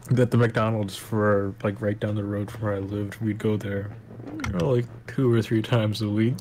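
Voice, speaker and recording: Male co-host, slightly low voice, easygoing chatter, light noise. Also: normal speed. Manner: relaxed, laughs a lot, many fillers. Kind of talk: casual chat.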